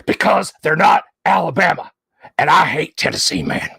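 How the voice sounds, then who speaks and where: A man impersonating a furious, ranting middle-aged male talk-show host, with a strained, gravelly rasp and a bellowing, repetitive tirade. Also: on the high side, very animated, moderate pace, pushed and bright, dry recording, clean studio sound, heavily acted.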